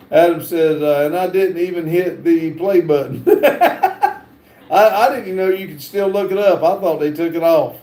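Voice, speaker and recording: A man with a drawl hosts a casual livestream and reads viewer comments aloud, pausing on plenty of fillers. His voice sits fairly high, mellow and unhurried. The room around him is echoey. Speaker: livestream host reading chat. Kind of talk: casual live chat.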